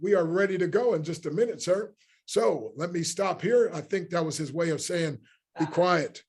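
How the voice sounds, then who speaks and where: High husky guy hosting a live call, gushing over everyone who joins. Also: normal speed, a little mellow. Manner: enthusiastic, effusive greeting of many names. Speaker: host. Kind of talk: livestream welcome and introduction.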